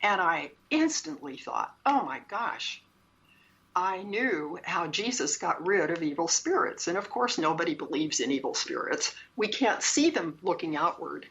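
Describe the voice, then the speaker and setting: A woman speaks as an interview guest, earnest and emphatic, circling back to repeat her points. Her voice sits a little low. The recording is dull and lo-fi. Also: big pitch swings, moderate pace, creaky, few pauses, a bit bright. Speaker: guest, shaman and spiritual teacher. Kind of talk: personal story in an interview. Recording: dull lo-fi sound.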